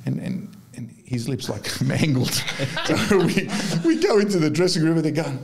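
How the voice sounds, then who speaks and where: A man's voice: a little high, animated, moderate pace, crowd noise. A man in his fifties telling rambling football anecdotes in casual chat, often restarting his sentences. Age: 50s.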